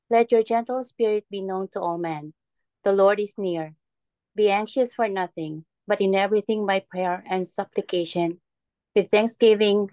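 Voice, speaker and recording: A woman's voice: mid-range voice, darkish tone, dry recording. Woman reading scripture aloud. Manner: careful, earnest reading. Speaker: class member reading scripture.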